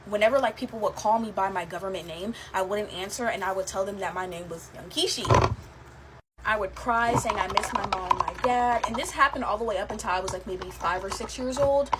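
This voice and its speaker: A woman's voice: medium pitch, a little hiss or hum, rough recording. A young woman telling her own eerie stories in a casual, chatty way, with many fillers and laughs. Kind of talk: casual storytelling to camera.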